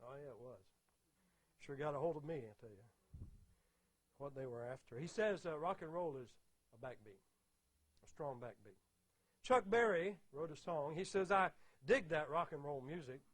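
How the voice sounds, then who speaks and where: A man's voice: fairly high pitch, lively intonation, moderate pace, pauses often. Emphatic man lecturing, counting beats aloud. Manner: emphatic, repeats key words, counts rhythms aloud. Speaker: music teacher giving a talk.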